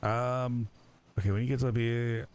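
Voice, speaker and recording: A man chatting in character during an online roleplay stream, rambling and halting with lots of fillers. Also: medium pitch, fairly even intonation, darkish tone, slight background noise.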